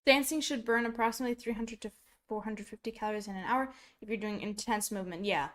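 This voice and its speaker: A woman's voice: medium pitch, fast talker, fairly bright tone. A woman streaming casual reaction commentary, talking bluntly and chattily with lots of fillers. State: coughing, choking on popcorn. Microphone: streaming setup.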